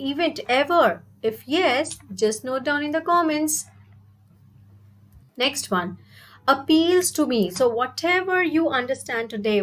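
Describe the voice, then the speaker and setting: A young adult woman, teaching a live online speaking lesson, explaining step by step and checking in with "right?" and "okay?". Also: a little high.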